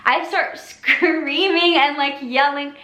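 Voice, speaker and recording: A woman's voice: sits high, fairly even intonation, slow pace, sharp tone, roomy sound. A young woman telling a story to her viewers in casual chat, rambling with lots of likes and restarts. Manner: rambling, many likes and restarts, addresses viewers as you guys. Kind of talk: casual story time to camera.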